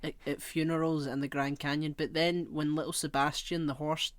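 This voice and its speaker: A man's voice: fairly high pitch, little pitch movement, normal speed, no echo. A man with a slightly raised voice co-hosts a podcast in loose, casual conversation. He wanders through his thoughts and stops often to search for words. His voice sounds dry and close, with no room around it. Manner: rambling, searches for words with many fillers. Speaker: podcast co-host. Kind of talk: casual chat.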